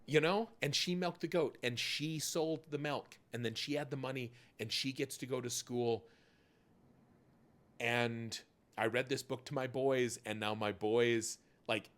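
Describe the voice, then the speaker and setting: A man hosting a charity livestream tells stories with animated energy and casual swearing. His pitch sits in the middle range. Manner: animated storyteller, swears freely. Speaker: host. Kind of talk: casual charity stream chat.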